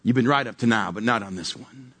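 A man doing a solemn old fisherman, low and quiet. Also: a little fast, husky. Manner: low, quiet, earnest confession. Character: older fisherman disciple recalling, solemn.

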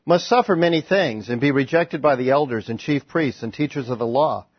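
A male pastor preaching in a conversational, animated storytelling manner with frequent restarts. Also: medium pitch, a little fast, husky, dry recording. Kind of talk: sermon. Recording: dry, slightly dull recording.

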